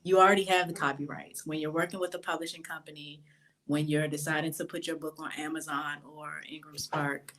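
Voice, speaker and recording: A woman with a low voice speaks as a publishing consultant, laying out steps firmly and hitting key points hard. She talks in an instructive, punchy way over a video call. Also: level tone, brisk, fairly bright tone, poor audio. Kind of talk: giving advice on a panel.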